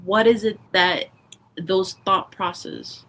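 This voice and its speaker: A woman's voice: medium pitch, slow pace, a little hiss or hum, poor audio. A woman co-hosting a podcast, casually telling stories and acting out the lines of the people in them. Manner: animated storyteller who acts out quoted dialogue. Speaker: podcast co-host. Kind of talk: casual chat.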